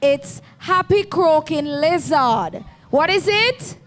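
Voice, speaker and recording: High-pitched woman calling out to children. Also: expressive, takes it slowly, a little hiss or hum. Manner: firm, coaxing, call-and-response. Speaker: event host for schoolchildren. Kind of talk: call-and-response crowd management.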